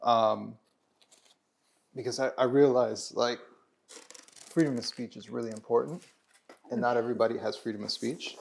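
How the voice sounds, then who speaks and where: Gravelly-voiced male host, halting speech. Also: medium pitch, steady tone. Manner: halting, with many restarts and fillers. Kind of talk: casual conversation over a meal.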